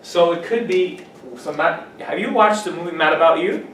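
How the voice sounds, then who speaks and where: A man's voice: fairly high pitch, moderate pace, a bit bright, slight background noise. A man teaching English vocabulary to a class, explaining words with examples and asking students questions. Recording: echoey classroom mic from a distance.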